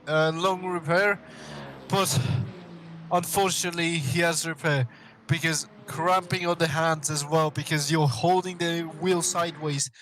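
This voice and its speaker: An excitable man calls a live sim race from a home stream setup. His voice sits fairly high and he leans on fillers and sudden exclamations, with a faint hiss of noise underneath. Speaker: sim racing commentator.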